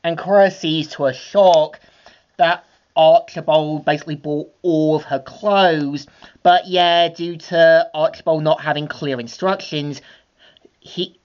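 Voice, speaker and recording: A woman with a deep, low voice walks through a comic book story in a loose, rambling way, with plenty of fillers. The sound is dull and lo-fi. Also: a little mellow. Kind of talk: casual comic review narration. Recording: dull lo-fi home recording.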